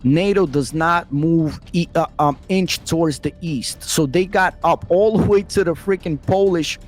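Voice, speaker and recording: A man's voice: a little high, normal speed, soft background music. A man hosting a reaction video in heated, slangy, rambling casual commentary. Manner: slangy, heated and rambling, full of "bro" and "freaking".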